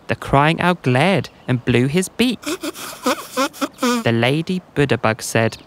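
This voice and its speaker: A man narrating a rhymed bedtime story for children in a gentle storytelling manner. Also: mid-range voice, takes it slowly, faint music behind.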